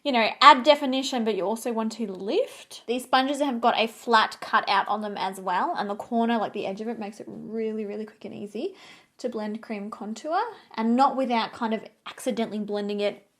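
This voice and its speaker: A woman's voice: fairly high pitch, moderate pace, a bit bright. A young woman in a chatty, playful get-ready-with-me video who drifts off topic as she talks through her makeup. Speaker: beauty vlogger. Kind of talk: casual get-ready-with-me chat.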